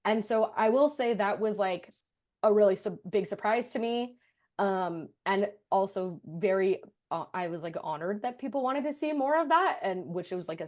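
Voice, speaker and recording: A woman's voice: mid-range voice, a little mellow. Young American woman, playwright guest, mid-range voice, laughing self-deprecation. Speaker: writer and creator of the musical. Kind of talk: casual podcast interview.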